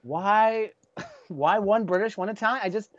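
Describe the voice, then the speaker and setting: A man's voice: sits high, measured pace, dry recording, dull audio. A man guesting on a podcast as a comedian, riffing jokily and laughing often in casual chat.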